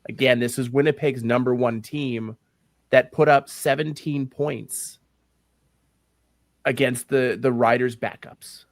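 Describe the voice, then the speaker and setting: A man's voice: mid-range voice, fairly even intonation, slow pace, no echo, clean studio sound. Opinionated man in casual sports talk. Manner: conversational, searches for words, opinionated. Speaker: podcast co-host.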